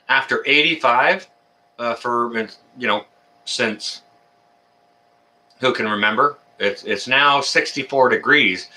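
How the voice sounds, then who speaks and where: Bright and forceful, this man's mid-range voice carries a casual live stream he hosts. He welcomes viewers by name and drifts through rambling, filler-heavy, good-natured banter, sounding a bit far from the mic.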